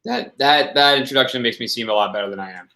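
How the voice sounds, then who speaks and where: A man's voice: medium pitch, fast talker, bright, forceful tone, poor audio. A man in his twenties, a guest on a live stream, talking in a modest, earnest way. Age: 20s. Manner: modest, earnest, laughs easily. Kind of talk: casual chat.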